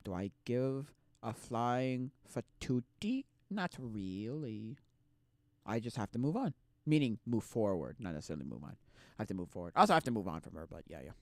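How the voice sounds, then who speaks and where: A young man streaming casual chat, rambling and restarting, swinging between loud outbursts and quiet mumbles. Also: medium pitch, big pitch swings, normal speed, no room sound.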